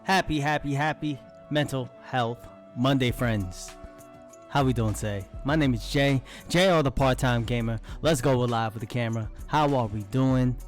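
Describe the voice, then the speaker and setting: A man's voice: medium pitch, normal speed, soft background music. A man chatting casually with his live-stream chat as host, playful and laughing often, trying out silly voices.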